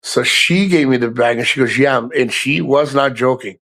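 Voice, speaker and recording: A man's voice: mid-range voice, normal speed, a bit bright. A man hosting a casual livestream, talking frankly to his chat, swearing often and rambling through asides. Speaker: livestream host.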